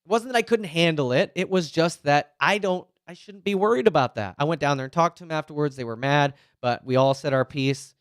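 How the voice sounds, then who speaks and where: A retired police officer in his forties talks openly to an audience about his anxiety, often checking in with "right?" and "you know." His somewhat high voice is brisk with few pauses, and the sound is clean, echo-free, and studio quality.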